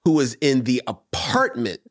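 A man's voice: medium pitch, big pitch swings, unhurried. Easygoing man hosting a podcast. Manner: easygoing, guides the segments. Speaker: podcast host. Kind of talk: casual chat.

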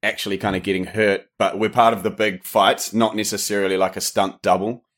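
A man's voice: on the low side, little pitch movement, a little fast, a bit bright. A man from New Zealand with a New Zealand accent, a podcast guest chatting casually and hedging with lots of "sort of". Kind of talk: casual interview chat.

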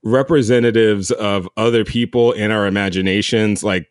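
A man's voice: lowish voice, steady tone, moderate pace, dry recording, studio quality. A man hosting a podcast, talking conversationally with frequent restarts and laughter. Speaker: podcast host. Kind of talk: casual podcast interview.

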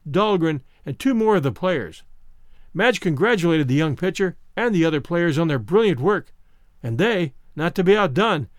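A man hosting a podcast and narrating classic short stories in an expressive, animated reading. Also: high voice, dry recording, clean studio sound. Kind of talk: audiobook narration.

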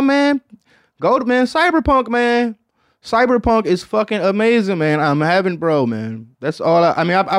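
A man's voice: on the high side, dry recording, clean studio sound. A man from Detroit hosting a podcast in casual chat, rambling and slangy and swearing often, with "man" at the end of many lines. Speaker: podcast host.

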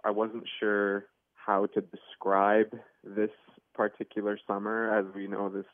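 A man's voice: lowish voice, monotone, measured pace, no room sound. A young man calling in as a contest winner, talking in an easygoing, chatty way with lots of fillers and laughs, over a tinny phone line. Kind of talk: casual phone interview.

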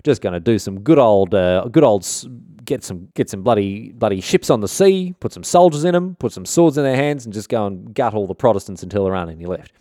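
A man's voice: on the low side, expressive, a little fast, dark tone, no echo, studio quality, natural voice. A man with an Australian accent voicing a brash, boastful king who is scheming an invasion in a comic history retelling. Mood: cocky scheming. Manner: swaggering, slangy, boastful.

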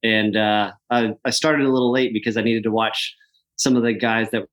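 A man's voice: on the low side, steady tone, normal speed, fairly bright tone. A man who is a podcast guest, talking about his work in an easygoing casual chat and laughing along. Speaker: podcast guest, app founder.

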